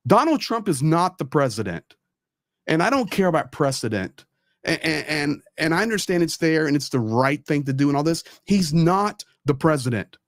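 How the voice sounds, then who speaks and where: A man's voice: fairly high pitch, sing-song, normal speed, no echo, studio quality. A man hosting a casual talk show, telling stories in an emphatic way and repeating his points for stress. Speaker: host. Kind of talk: casual storytelling chat.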